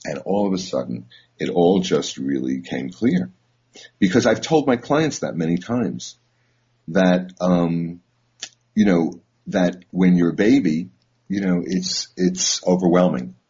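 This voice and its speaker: A man, a therapist, telling a personal story in a halting, reflective way with many fillers and restarts. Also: sits low, big pitch swings, gravelly, darkish tone, breathy edge. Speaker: psychotherapist. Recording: dull lo-fi recording.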